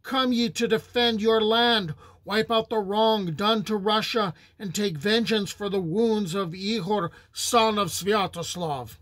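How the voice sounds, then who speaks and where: An aged prince mourns his sons' folly in a solemn storybook reading, as a man reads him aloud. The voice sits high and moves slowly, heavy with archaic grief. It sounds close and dry, with no room around it. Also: a bit bright, no echo. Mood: grave lament. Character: aged grieving prince, stern and sorrowful.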